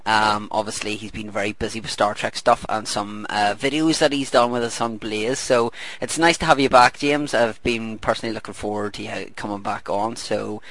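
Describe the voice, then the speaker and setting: A man's voice: fairly low pitch, level tone, moderate pace, few pauses, a bit bright, rough recording. A man hosting a podcast commentary, chatting casually, rambling with fillers and laughter. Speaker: podcast host.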